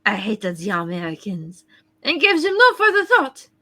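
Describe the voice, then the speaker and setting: A woman's voice: mid-range voice, wildly swooping pitch, moderate pace, bright, forceful tone, voice pushed down, heavily acted. A woman voicing an earnest young German woman who tells her story in a dramatic, storybook-reading way.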